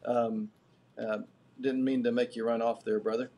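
A middle-aged man giving a live class lecture as guest lecturer, building his points deliberately and earnestly. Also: mid-range voice, flat delivery, dark tone.

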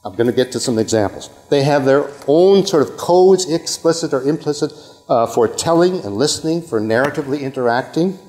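A man's voice: a little high, animated, a little fast, a little mellow. An older man from Canada giving a rambling academic lecture, breaking off mid-sentence and checking in with his audience through frequent okays. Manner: rambling, self-interrupting, with frequent okays and asides. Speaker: university lecturer. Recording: long hall reverb.

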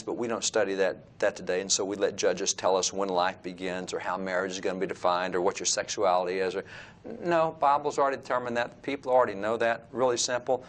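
A man's voice: on the low side, a little hiss or hum. A man with a Texan accent, talking earnestly as an interview guest about history in a room full of old books. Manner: earnest, lecturing, reads aloud from old books. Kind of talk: informal explanatory talk. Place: room surrounded by old textbooks.

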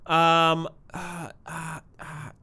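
A man's voice: fairly high pitch, monotone, very slow, pushed and bright, slightly rough. A young man giving chatty, self-mocking commentary while playing a video game. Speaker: gaming YouTuber. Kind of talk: let's-play commentary. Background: game music.

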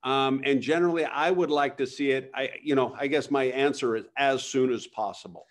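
A man's voice: mid-range voice, brisk. Plain-voiced man giving practical advice. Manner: practical, advisory, with frequent "um" and "uh". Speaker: webinar co-host giving agronomy advice. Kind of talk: casual live webinar Q&A.

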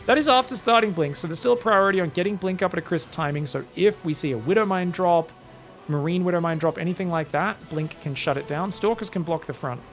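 A man's voice: sits high, fast, soft background music. A man with an Australian accent doing solo esports commentary, chatty and joking with teasing asides. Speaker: esports caster.

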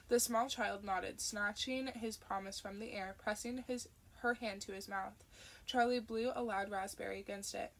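A woman reading an audiobook narration in a steady, expressive way. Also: mid-range voice, normal speed, vocal fry.

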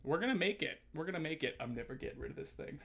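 A man's voice: a little high, expressive, racing, gravelly, a crowd in the background. A man streaming live, chatting casually and playfully with his viewers, reading their messages aloud and joking back.

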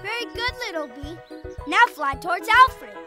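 A woman voicing a patient, encouraging female cartoon animal teacher with a gentle, instructive manner. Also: very high-pitched, sing-song, normal speed, over loud music. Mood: coaching.

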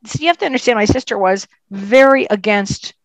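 An animated woman of medium pitch tells her story in a casual interview as a psychic medium guest. She leans hard on key words. The sound is close and dry, with no room echo. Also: fairly quick.

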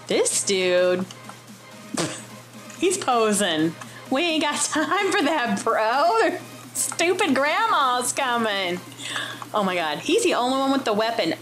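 A young woman giving excitable, jokey Let's Play commentary as a gaming YouTuber, often exclaiming and shrieking. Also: on the high side, unhurried. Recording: faint game music behind.

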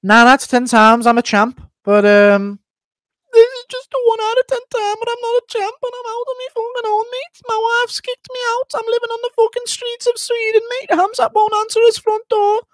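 A man putting on a sad-sack English fighter who has lost everything. The voice is cranked very high and strained, and he whines his complaints with profanity. It has a dry sound with no room echo. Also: moderate pace, fairly bright tone. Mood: self-pitying. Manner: whiny, rambling lament with swearing. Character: washed-up English fighter man, dejected and self-pitying.

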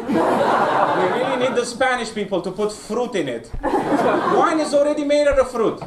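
A man from Romania speaks at a moderate pace in a very high, expressive voice while doing a stand-up set in a small basement club. He works the crowd, teasing them playfully and checking in with "right?" The sound comes from a distant, echoey room mic with a loud crowd and noise.

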